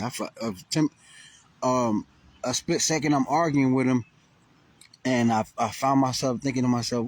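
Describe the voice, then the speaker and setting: A man casually telling a rambling, profane story to camera with lots of restarts and fillers. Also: mid-range voice. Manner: rambling, profane, animated retelling with many restarts. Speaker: vlogger. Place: near Burlington, Vermont.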